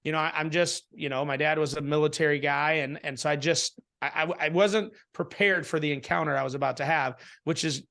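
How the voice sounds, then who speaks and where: A man telling a personal story in casual conversation, animated, with many restarts and acted-out quotes. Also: fairly high pitch, fairly quick, creaky, hardly any pauses. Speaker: interview guest.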